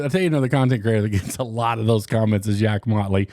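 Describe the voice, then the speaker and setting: A man's voice: on the low side, quick pace, hardly any pauses, darkish tone, no room sound, clean studio sound. A man hosting a fishing channel, chatting casually and candidly to camera in a rambling, joking way.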